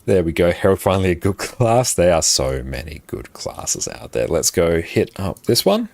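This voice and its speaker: A man's voice: sits low, very animated, moderate pace, creaky, darkish tone, no echo. An Australian man chatting casually on a live game stream, upbeat and laughing easily as he thanks viewers. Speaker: livestream gamer.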